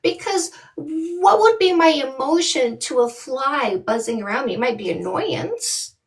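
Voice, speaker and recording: A Canadian dating coach rants on a livestream, her high-pitched, animated voice moving a little slowly. She is blunt, mocking and profane, scolding her audience with many rhetorical questions.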